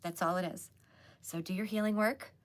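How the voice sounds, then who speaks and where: A woman hosting a casual live tarot reading, chatty and loose with lots of fillers, hoarse as she loses her voice. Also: on the low side, steady tone, moderate pace. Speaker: psychic tarot reader hosting a live stream.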